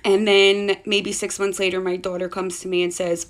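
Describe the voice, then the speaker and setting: A mother casually recounting a creepy family experience, chatty and animated, full of asides. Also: mid-range voice, normal speed, hardly any pauses. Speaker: mother telling a personal ghost story. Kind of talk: casual storytelling to camera.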